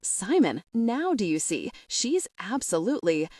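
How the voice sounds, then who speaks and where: A woman's voice: medium pitch, very animated, unhurried, darkish tone, dry recording, clean studio sound, distant mic. A woman voicing a smug, teasing male colleague in a storybook. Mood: mocking.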